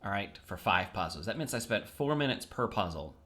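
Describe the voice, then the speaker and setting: Male, low-ish register; relaxed self-talk, casual video host. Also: a little fast. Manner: chatty, self-talking, plain everyday tone. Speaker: chess video creator. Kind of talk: casual thinking aloud while solving puzzles.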